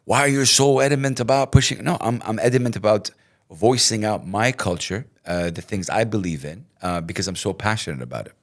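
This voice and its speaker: A middle-aged man talks in a relaxed interview with a fairly low voice. He tells his stories in an animated way, often repeating words and acting out what others said. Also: brisk. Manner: animated, repeats himself, acts out quotes. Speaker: radio host, interview guest. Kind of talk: casual interview.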